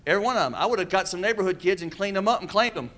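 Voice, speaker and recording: A pastor preaching a sermon, calling out to the congregation and acting out quoted voices with humor. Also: male voice, high-pitched, animated, rapid-fire, a bit bright. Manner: preaching with call-and-response asides.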